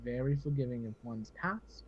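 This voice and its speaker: A genial player in a tabletop game speaks in character at a measured pace, with a lively, varied pitch. The audio sounds dull and lo-fi, with a faint hiss behind it.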